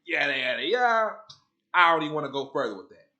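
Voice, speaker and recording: A man with a high, lively voice hosts a casual podcast. His tone is bright and forceful, and he talks in a slangy, profane, storytelling way with frequent asides to his co-hosts. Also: quick pace, lo-fi sound. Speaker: podcast host.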